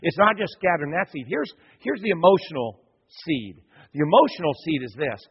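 A man's voice: fairly high pitch, very animated, brisk, husky, big-room sound, lo-fi sound. A male pastor preaching in a church, folksy and repetitive, acting out quotes as he goes. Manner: folksy, repeats himself, acts out quotes. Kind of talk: sermon.

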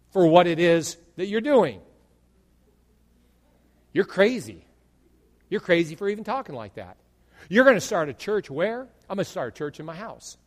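A male pastor preaching a sermon in an animated way, acting out imagined dialogue and jokes. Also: high-pitched, big-room sound.

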